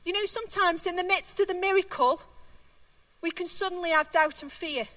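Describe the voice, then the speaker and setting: A woman's voice: very high voice, brisk, bright, forceful tone, no room sound, recorded from a distance. A woman giving an earnest sermon, reading scripture aloud and repeating key words for emphasis. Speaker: preacher.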